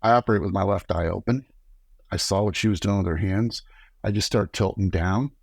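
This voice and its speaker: A middle-aged man, a guest on a podcast, telling lively stories and acting out the lines of people he quotes. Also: low-pitched, brisk, creaky, no echo. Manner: animated storyteller acting out quoted dialogue. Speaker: podcast guest, former camera operator. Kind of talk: casual storytelling interview.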